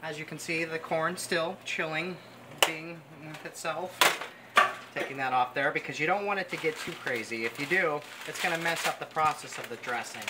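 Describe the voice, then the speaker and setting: A man's voice: a little high, moderate pace. A man hosting a mock cooking show, gushing pompously over every dish as he works in a home kitchen. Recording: noisy kitchen sound.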